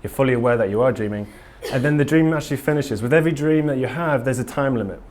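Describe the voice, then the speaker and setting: A man's voice: mid-range voice, fast talker, a little mellow. Earnest rambling man giving a talk. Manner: rambling and earnest, with frequent ums and restarts. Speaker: conference speaker. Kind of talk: casual conference talk to a live audience. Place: conference room.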